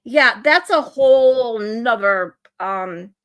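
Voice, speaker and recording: A woman's voice: fairly high pitch, expressive, slow pace, a bit bright. A woman hosting a casual livestream, ranting in exasperation while she reads and answers viewer comments. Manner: ranting, exasperated, reacting to chat. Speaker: livestream host.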